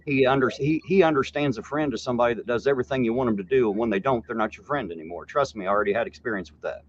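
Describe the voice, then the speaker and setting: A man talks fast and chatty in a casual livestream, tripping over and repeating his words. His voice comes through a dull, muffled video call line. Faint noise hums under him. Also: mid-range voice. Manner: quick and chatty, with stumbling repeats.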